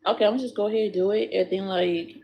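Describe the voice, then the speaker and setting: A woman's voice: medium pitch, fairly even intonation, fast talker, dull audio. A woman chatting to viewers while doing hair, swearing freely and calling them y'all. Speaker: hair vlogger.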